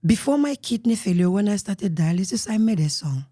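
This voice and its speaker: A woman with a Cameroonian accent telling her life story as an interview guest, earnest and emotional, often dropping to a soft murmur. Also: mid-range voice, animated, fairly quick, slightly rough, no room sound, clean studio sound.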